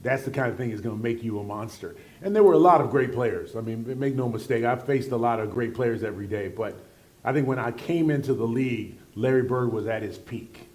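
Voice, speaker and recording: Earnest former player reminiscing. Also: male voice, medium pitch, darkish tone. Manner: measured, earnest, thoughtful. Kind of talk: reflective interview answer.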